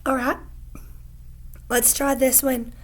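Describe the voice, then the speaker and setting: A woman teaching a phonics lesson to young learners, patient and encouraging, stretching out each sound slowly. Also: sits high, little pitch movement.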